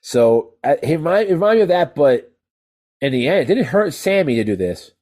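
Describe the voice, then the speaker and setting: A man co-hosting a wrestling podcast, chatting casually in an animated, rambling way with frequent swearing. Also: a little high, a little fast. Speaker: podcast co-host. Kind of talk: casual chat.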